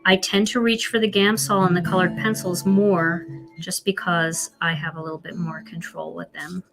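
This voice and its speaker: A woman's voice: on the low side, level tone, moderate pace, music in the background. A woman with a Philadelphia accent hosting a live card-making demonstration, chatty and self-deprecating as she colors. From Philadelphia, USA.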